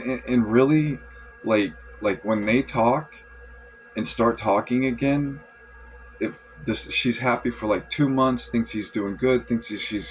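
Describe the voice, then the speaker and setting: Frustrated low-voiced man venting. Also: a little hiss or hum, poor audio. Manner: frustrated, rambling, swearing, many restarts. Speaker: vlogger. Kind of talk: venting journal monologue.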